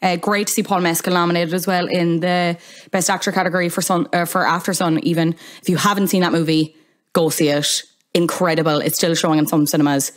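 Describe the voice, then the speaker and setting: A woman's voice: lowish voice, flat delivery, brisk. Chatty Irish woman hosting a podcast. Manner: chatty and wry, with asides. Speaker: podcast host. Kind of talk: casual podcast monologue.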